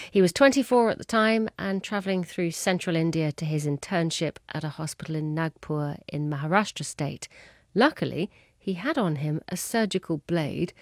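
A female presenter reading a scripted news segment in a measured way. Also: low-pitched, no room sound, clean studio sound.

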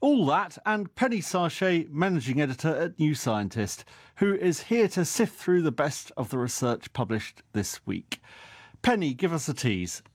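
A man presents a radio science programme with a playful, lively delivery. His pitch sits a touch high and swings freely across each line, and the studio sound is close and dry. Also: normal speed, dry recording. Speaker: host.

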